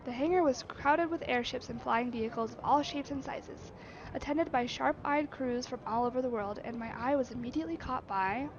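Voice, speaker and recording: Woman streamer, reading game text aloud, high voice, expressive asides, slightly dull recording. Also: normal speed. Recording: slightly dull lo-fi with faint noise.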